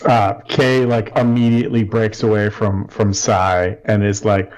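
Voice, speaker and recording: A man playing in a tabletop game, chatting casually in a relaxed way. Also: on the low side, unhurried, hardly any pauses, poor audio. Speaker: player. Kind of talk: casual chat.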